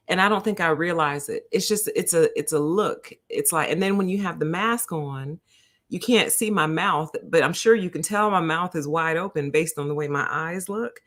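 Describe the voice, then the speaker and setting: A woman's voice: on the low side, fairly bright tone. A woman hosting her own channel, casually telling viewers a story, laughing often and acting out both sides of a conversation. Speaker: channel host.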